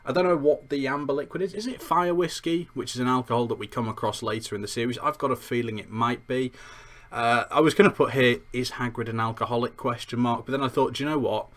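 A man's voice: mid-range voice, fairly even intonation, quick pace. A man hosting a podcast, reviewing a book chapter in a rambling, self-deprecating chatty way. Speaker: podcast host. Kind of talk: chatty book review with read-aloud passages.

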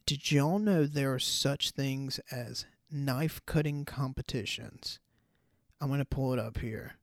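A man of middle pitch rants through a solo podcast in a loose, profane, rambling way, full of ums and restarts. The sound is dry and close, with no room around his voice. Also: fairly even intonation, a little slow, no room sound. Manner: loose, profane, chatty with many fillers. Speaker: podcast host. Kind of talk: casual solo podcast rant.

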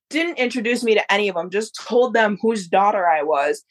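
A woman in her thirties, a podcast guest, telling a story in a casual, animated way. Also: mid-range voice, brisk. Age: 30s. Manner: animated, acts out others' voices in quotes.

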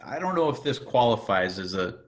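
A man's voice: mid-range voice, big pitch swings, brisk. A man playing along as a quiz contestant, hesitant and stammering, often repeating his words. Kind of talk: casual podcast game show.

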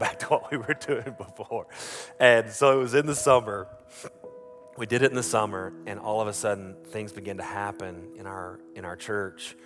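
Earnest pastor over music. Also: male voice, on the low side, a bit bright. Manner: storytelling, folksy and earnest with many restarts. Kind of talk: sermon. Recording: music playing under the voice.

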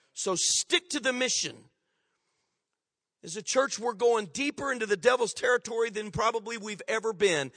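Male pastor, sermon, emphatic, high pitch, dry close sound. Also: pushed and bright, no room sound, big-room sound. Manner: emphatic, repetitive exhortation.

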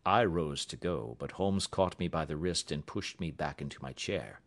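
A man reading a classic detective story aloud with steady narration. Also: a bass voice, moderate pace, hardly any pauses. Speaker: audiobook narrator.

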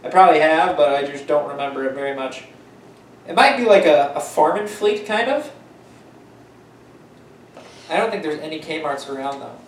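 A man's voice: on the high side, expressive, moderate pace, pauses often. Joking, swearing man with a raised voice. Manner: joking, swearing, laughs often. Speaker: podcast co-host. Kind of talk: casual gaming podcast chat. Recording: echoey room, distant mic, faint noise.

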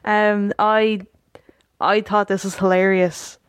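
A woman's voice: mid-range voice, level tone, slow pace, clear, resonant tone, no echo, studio quality. A woman co-hosting a podcast, chatting casually about a wrestling show, laughing often and rambling through restarts. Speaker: podcast co-host.

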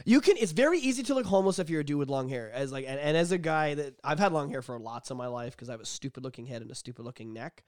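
A young man with a fairly high voice talks in loose podcast chat, swearing freely and teasing his co-host with bursts of laughter. The sound is dry and close, with no room around it. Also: expressive, very fast, hardly any pauses, clean tone, dry recording. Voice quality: crude, laughing, loud teasing. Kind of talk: casual chat.

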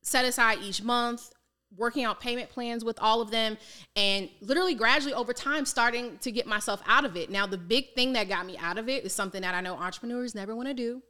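A woman's voice: on the high side, fast talker. A woman from Maryland, a financial coach, telling her story in a candid, casual way with slang, acting out what people said. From Maryland, United States. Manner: animated, slangy, acts out quoted voices.

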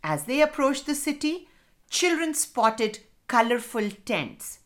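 A woman telling a children's storybook tale in a slow, clear, expressive way. Her pitch moves in a lively, animated pattern, as in reading to young listeners.

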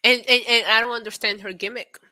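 A woman's voice: fairly high pitch, steady tone, quick pace, pushed and bright, no room sound. A woman co-hosting a casual wrestling talk show, blunt and opinionated, often laughing. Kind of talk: casual podcast chat.

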